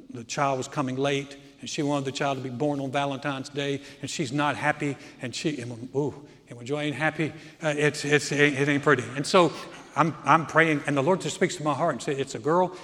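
A man's voice: mid-range voice, fairly even intonation, brisk. A man in his sixties preaching a sermon, alternating emphatic, swelling declarations with anecdotes told with repeated words and restarts. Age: 60s. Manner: emphatic preaching that swells loud on key lines, with stories in between. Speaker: pastor. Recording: long hall reverb with faint music.

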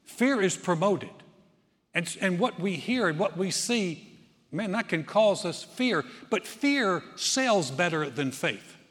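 A man preaching a sermon, telling a story with acted-out voices and swinging from loud to hushed. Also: high voice, lively intonation, takes it slowly. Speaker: pastor. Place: large church sanctuary. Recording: long hall reverb.

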